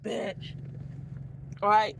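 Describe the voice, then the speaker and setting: A woman's voice: very slow, a little hiss or hum. Profane rambling woman ranting. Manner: profane, goes off on tangents, laughs a lot. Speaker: vlogger. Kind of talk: rambling casual rant.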